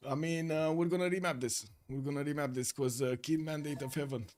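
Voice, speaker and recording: A man's voice: on the high side, fairly even intonation, brisk, a little mellow. A man casting a live strategy game stream in a loose, rambling way, chatting and reading out viewer messages. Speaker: stream caster. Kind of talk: live casual game commentary.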